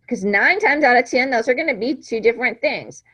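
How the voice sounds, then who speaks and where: A woman's voice: on the high side, expressive, brisk, a bit bright, breathy edge, low-quality recording. Chatty woman teacher lecturing a class. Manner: conversational, checks understanding with "right?".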